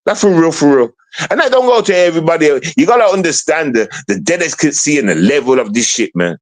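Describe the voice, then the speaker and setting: Animated, swearing man ranting. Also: a little high, fast talker, poor audio. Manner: animated, swearing, rhetorical questions. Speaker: streamer ranting on news. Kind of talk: heated casual commentary.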